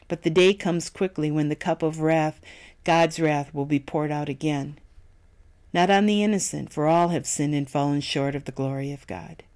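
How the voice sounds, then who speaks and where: Solemn, measured devotional reader. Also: mid-range voice, a little mellow. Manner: measured, solemn, reciting scripture references. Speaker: devotional speaker. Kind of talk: scripted devotional reading.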